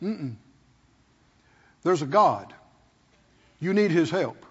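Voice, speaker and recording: Male pastor, husky and high-pitched, preaching in a roomy hall with dull sound. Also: lively intonation, drawn-out words. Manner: preaching with call-and-response rhetorical questions. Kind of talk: sermon.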